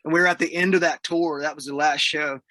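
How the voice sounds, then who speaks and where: Man from the Southern US, musician guest, bright forceful voice, slightly high, dry sound, laid-back storytelling. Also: fairly even intonation, quick pace, dry recording. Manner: laid-back storyteller, laughs mid-sentence. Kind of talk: casual storytelling interview.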